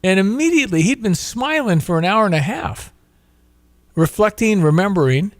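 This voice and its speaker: A man's voice: high-pitched, expressive, normal speed, dry recording. Earnest, moralizing male talk show host.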